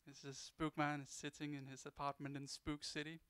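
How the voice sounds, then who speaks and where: A man's voice: on the high side, level tone, brisk, fairly bright tone, clean tone, dry recording. A man giving a self-mocking, jokey talk on a convention panel.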